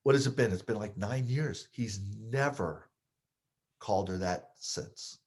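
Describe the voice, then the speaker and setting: A man coaching listeners on triggers, explaining with lively stories he partly acts out. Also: fairly low pitch, a little slow. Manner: animated storyteller, acts out scenes. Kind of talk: explaining with stories, podcast talk.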